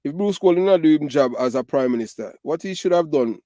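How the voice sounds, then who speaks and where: A man's voice: a little high, animated, fairly quick, dark tone, no room sound, clean studio sound. A middle-aged man from Jamaica with a Jamaican Patois accent, giving emphatic, repetitive commentary full of fillers. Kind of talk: casual ranting commentary.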